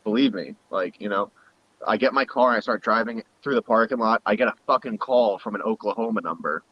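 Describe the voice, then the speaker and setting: A man's voice: fairly low pitch, brisk, slightly rough. A man telling a heated, profane story in casual chat, acting out the people in it as he goes. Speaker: guest streamer. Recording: muffled lo-fi audio.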